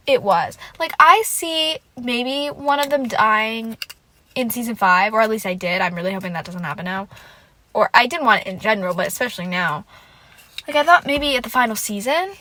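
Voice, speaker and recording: Bright-voiced woman ranting on a podcast. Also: fairly high pitch. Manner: rambling, heavy use of "like", frequent swearing; animated and emotional fan venting. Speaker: podcast host. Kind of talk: casual solo podcast chat.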